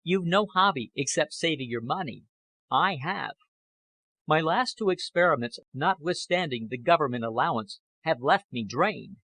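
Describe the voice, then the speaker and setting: A man voicing a blunt, greedy, unpleasant scientist who speaks with slow, deliberate emphasis. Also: a little high, expressive, sharp tone, no echo, heavily acted. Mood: sneering.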